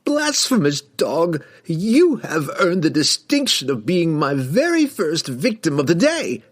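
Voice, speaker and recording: A high, piercing voice for an arrogant wizard tyrant, shouting every boast slowly and grandly. The pitch soars and the timbre sounds strained and strange. The delivery is drawn out and imperious. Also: male voice, expressive, full character voice. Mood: raging. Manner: shrill, slow, grandiose shouting.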